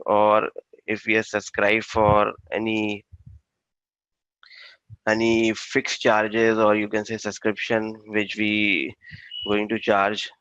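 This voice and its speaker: A male instructor explains a technical system in a halting way, full of fillers and restarts. His low voice stays flat and even. The recording sounds dull and lo-fi, with a dry, close sound. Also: smooth, no echo. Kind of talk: technical training lecture.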